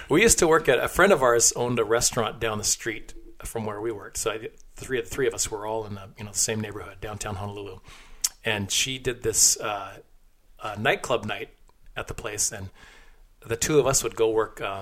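A man's voice: lowish voice, a bit bright, a little hiss or hum. A man hosting a podcast, telling a rambling, crude anecdote with frequent laughs and fillers.

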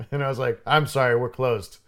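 A young adult man speaks in a casual, storytelling way. He swears freely and gets loud and animated when he acts out his own lines. His voice sits in an ordinary middle range. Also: mid-range voice, moderate pace. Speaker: bartender.

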